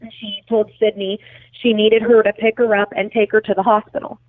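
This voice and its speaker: Fairly quick and flat at medium pitch, a woman's voice comes through a tinny, dry phone call with no echo. She's an interview guest spinning a lengthy story, swearing casually and filling it with fillers and corrections of herself.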